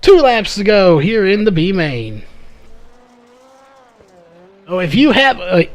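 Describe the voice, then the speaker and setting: A man calling a live race play-by-play, slightly hoarse from losing his voice, with frequent "uh" fillers. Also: sits high, very animated, slow pace, long pauses. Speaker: race commentator.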